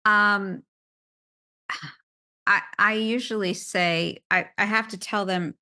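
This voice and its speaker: A woman who teaches electrology, speaking in casual podcast chat, thoughtful and measured as she gives advice. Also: mid-range voice, fairly even intonation, bright, forceful tone. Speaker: electrology instructor.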